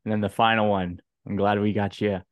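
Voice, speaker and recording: A man's voice: fairly low pitch, flat delivery, fairly quick, no room sound, highs cut off. Upbeat slangy man hosting a podcast. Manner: upbeat, slangy, hypes up the guest. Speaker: podcast host. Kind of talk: casual interview chat.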